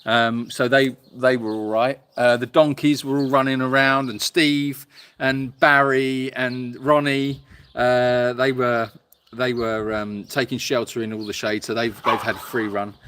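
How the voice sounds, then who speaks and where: A tired man talks outdoors into a phone held up for a live stream, with a bright, forceful voice. He rambles along, stalling on fillers and repeats as he answers viewers from the sanctuary. Animals and birds can be heard faintly behind him. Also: mid-range voice, little pitch movement, smooth. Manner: rambling, halting with many fillers. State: tired and hot. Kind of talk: casual live-stream chat reading viewer comments.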